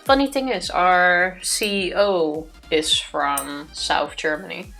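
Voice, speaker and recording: A woman with a somewhat low voice chats easily on a game stream, laughing often as she tells her stories. Light music hums faintly in the background. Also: slow pace, creaky, pushed and bright. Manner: chatty, laughs easily while telling stories. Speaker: let's play co-host. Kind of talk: casual chat on stream.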